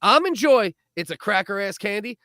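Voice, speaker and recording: A man's voice: sits high, expressive, normal speed, dry recording, studio quality. A man co-hosting a comedy livestream, riffing crudely on candy with lots of laughter. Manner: loud, laughing, profane riffing. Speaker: comedy podcast co-host.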